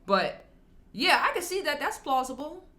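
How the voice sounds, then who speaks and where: A woman's voice: high voice, moderate pace. A woman talking casually to camera as a vlogger answering viewer comments, chatty and candid, often laughing as she talks. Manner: animated, acts out quoted people in shifting voices.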